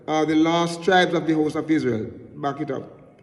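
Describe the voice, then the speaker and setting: A man teaching a Bible lesson in sermon style, halting and repeating his words often as he explains a word's meaning. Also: on the high side, fairly even intonation, long reverb tail.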